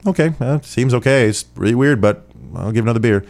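A man's voice: medium pitch, darkish tone, voice pushed up, close to an everyday voice. A man doing a hesitant, puzzled bartender. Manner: hesitant, halting.

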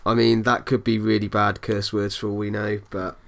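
A man's voice: fairly low pitch, level tone, normal speed, creaky, a bit bright. A man co-hosting a podcast in casual chat, mostly giving short replies and dry, wry remarks. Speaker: podcast co-host.

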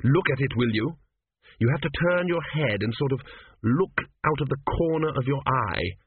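A man's voice: mid-range voice, expressive, moderate pace, a little hiss or hum, voice pushed up, close to an everyday voice. A man voicing an impatient, stubborn young man who talks insistently and with exasperation, on a tinny recording. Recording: dry, tinny phone-like sound.

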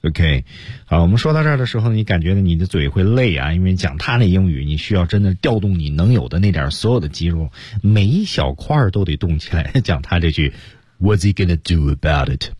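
A man's voice: low voice, sing-song, fast talker, a little mellow, breathy edge, no echo, clean studio sound. A man teaching English on the radio, explaining pronunciation in an encouraging way. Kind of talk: radio lesson, coaching pronunciation. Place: radio studio.

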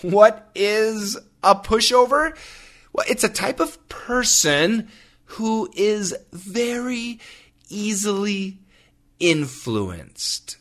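High-pitched and sing-song, this middle-aged man speaks extremely slowly in a slightly bright voice. He hosts a laid-back English-teaching podcast, clowning around and using goofy voices to explain vocabulary.

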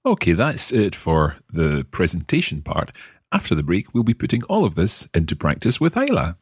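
Male podcast tutor, low husky voice, animated patient drill style. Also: moderate pace. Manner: patient, encouraging, drills pronunciation. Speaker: language podcast host. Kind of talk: teaching.

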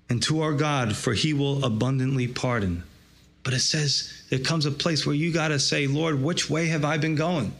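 A man's voice: on the high side, fairly bright tone. A man preaching a sermon, reading scripture aloud and drawing out its lesson with rising emphasis. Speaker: pastor.

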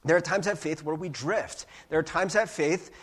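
A man preaching a sermon in an animated, playful way. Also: fairly high pitch, moderate pace, breathy edge. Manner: animated and playful, with laughs and sung bits. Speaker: pastor.

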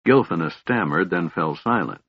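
A man narrating a fantasy audiobook in a measured, even storytelling manner. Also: sits low, husky, no room sound. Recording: dull, lo-fi dry audiobook recording.

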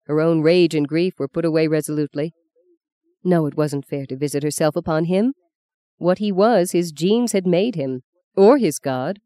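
Low, mellow woman narrating a novel. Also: clean tone, no echo. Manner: measured, expressive storytelling. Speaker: audiobook narrator. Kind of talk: scripted narration.

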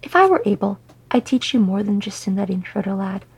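A woman's voice: mid-range voice, a little fast, creaky, darkish tone, husky. A woman doing a fussy, kindly old hobbit.

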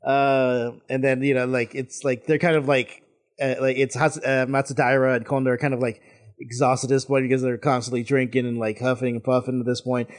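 A man on a podcast recapping a story in a halting way, with lots of fillers and restarts. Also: medium pitch, little pitch movement. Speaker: podcast guest. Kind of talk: casual podcast chat.

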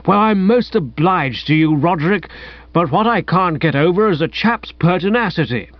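A man's voice: high voice, expressive, normal speed, dry recording, voice pushed up. A pompous, querulous old magistrate, played by a male reader in a storybook reading, blustering in a raised, indignant voice. The recording is dull and dry. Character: fussy older man, pompous magistrate, indignant.

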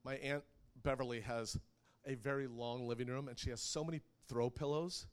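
A man in his thirties preaching, telling family stories with lots of laughter and getting loud when he acts out scenes. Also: mid-range voice, moderate pace, clear, resonant tone. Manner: animated storyteller who laughs often and gets loud when acting out scenes. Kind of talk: sermon with personal stories.

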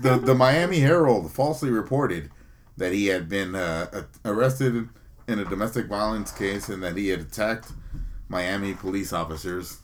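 A man co-hosting a podcast, relaxed and laughing as he brings up news topics in casual banter. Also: fairly low pitch, moderate pace, slight background noise. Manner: laid-back, laughing, loose. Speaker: podcast co-host.

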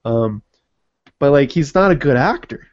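A man's voice: medium pitch, animated, measured pace, no echo. A young man, a podcast co-host, making wry, sarcastic remarks about a movie in casual chat, laughing along. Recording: dry, dull lo-fi audio.

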